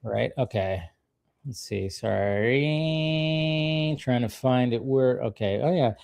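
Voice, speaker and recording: A man in casual conversation, walking through a cartoon episode scene by scene. He laughs often and slips into playful voices for the characters. His pitch sits in a middle range. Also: slow pace, creaky. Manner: animated, laughs often, acts out characters' lines. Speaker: podcast co-host.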